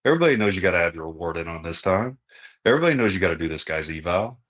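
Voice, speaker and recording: A man's voice: deep voice, sing-song, rapid-fire, fairly bright tone. A middle-aged man, a retired army sergeant major, speaking casually as a podcast guest in a plain-spoken way, often tagging sentences with "right?". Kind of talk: casual conversational interview.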